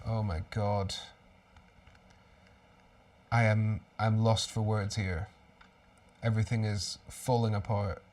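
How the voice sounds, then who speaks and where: A man's voice: on the low side, flat delivery, slow, long pauses, darkish tone, far from the mic. A man hosting a live fan watchalong stream, commentating on the match with exasperated outbursts and resigned muttering.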